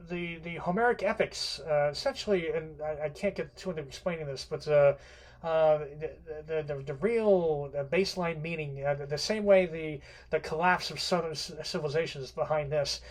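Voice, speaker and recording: Man, slightly higher voice, rambling literature lecture, fillers, restarts, casual swearing. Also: moderate pace.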